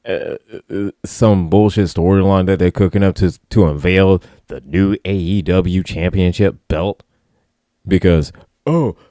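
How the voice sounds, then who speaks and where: A man co-hosts a livestream, griping in a relaxed, profane way. His voice is low and mellow. The sound is dry and close. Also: unhurried, no echo. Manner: laid-back, profane complaining. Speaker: co-host. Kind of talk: casual livestream banter.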